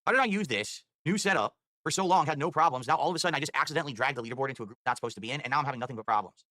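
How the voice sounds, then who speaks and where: A man's voice: mid-range voice, lively intonation, very fast, sharp tone, dry recording. A man streaming live, rambling in an exasperated way and swearing as he talks. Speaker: livestreamer.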